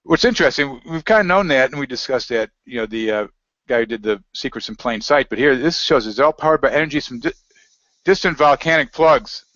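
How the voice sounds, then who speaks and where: A man's voice: mid-range voice, animated, fairly quick, a bit bright. A man chats loosely as an interview guest, drifting between thoughts and reading passages aloud from web pages. The audio sounds muffled and lo-fi, with no room echo. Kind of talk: casual conversational interview. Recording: dry, dull lo-fi audio.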